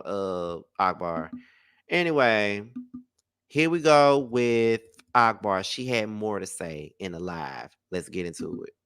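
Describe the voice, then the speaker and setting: A man's voice: on the low side, expressive, slow pace, fairly bright tone, clean tone, dry recording, studio quality. A man giving casual celebrity gossip commentary in a blunt, profane and sassy way.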